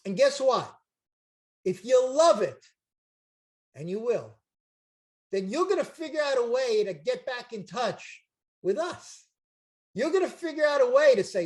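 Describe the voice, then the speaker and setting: A man's voice: very high-pitched, big pitch swings, unhurried, long pauses, darkish tone. Emphatic older salesman. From Brooklyn, New York. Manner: emphatic, repetitive, jokey salesman patter. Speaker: chiropractic seminar promoter. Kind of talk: salesy coaching pitch on a video call. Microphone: video call.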